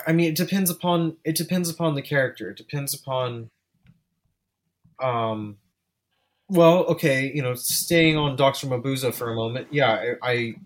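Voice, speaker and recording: A man talking as an interview guest, a filmmaker speaking candidly and rambling with frequent restarts. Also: mid-range voice. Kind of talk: casual interview chat.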